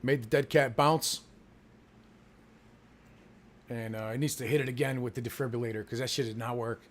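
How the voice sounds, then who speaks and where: A man talking off the cuff on his own trading livestream. His voice sits at an ordinary pitch, and he swings between mumbled asides about his positions and loud, laughing bursts of profanity. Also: steady tone, moderate pace. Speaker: stock market livestream host. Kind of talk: casual trading livestream chat.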